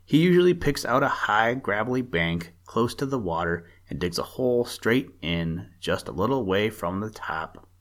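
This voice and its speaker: A man's voice: lowish voice, very animated, normal speed. A man voicing a grinning old male frog in a storybook reading, teasing and matter-of-fact.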